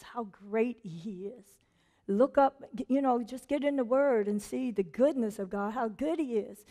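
A woman preaching a sermon in an animated, conversational way, laughing often and acting out quotes. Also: a little high. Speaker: preacher and teacher.

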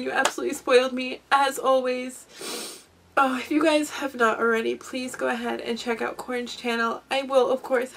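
A woman hosting a craft unboxing vlog, talking in a soft, gushing, effusive way. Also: high-pitched, a little hiss or hum. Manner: gushing, effusive, frequent gasps and laughs. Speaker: craft channel host.

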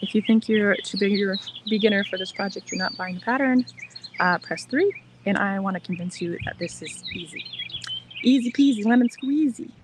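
Soft-spoken woman livestreaming outdoors. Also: mid-range voice, brisk, noisy background. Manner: chatty, reassuring, rambling. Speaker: crochet designer hosting a livestream. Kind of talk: casual livestream chat. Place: outdoors in the sun. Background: birds chirping.

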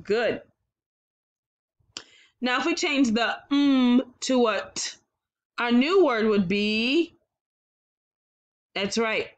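A woman teaching a kindergarten phonics lesson in a bright, fairly high voice. She talks slowly and patiently, stretching out the sounds of letters. Her tone is encouraging and full of praise for the children. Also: animated, lo-fi sound.

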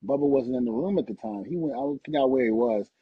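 Husky man telling wrestling road stories. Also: medium pitch, huge pitch swings, fast talker, no room sound, narrow, tinny audio. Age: middle-aged. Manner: laughs through stories. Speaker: guest, retired pro wrestler. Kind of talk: casual anecdote telling.

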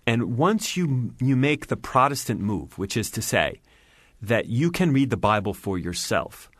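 A man's voice: medium pitch, big pitch swings, a little slow, no room sound. A man answering interview questions as a religion scholar, thoughtful, with fillers and restarts.

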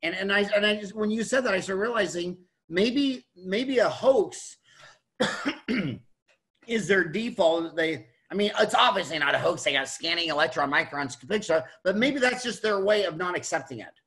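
A man's voice: high-pitched, animated, moderate pace, fairly bright tone. A man hosting a podcast interview, rambling casually and restarting his sentences often. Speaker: podcast host.

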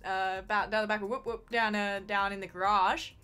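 A woman putting on a crude, swaggering broad Australian bloke with rough slang. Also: medium pitch, flat delivery, a little fast, sharp tone, faint music behind, lightly acted. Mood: blokey.

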